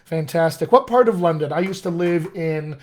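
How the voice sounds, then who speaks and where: A man's voice: on the high side, moderate pace, darkish tone. Upbeat dialect coach, man, live stream. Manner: upbeat, emphatic, addresses viewers directly. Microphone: webcam or computer mic on a live stream.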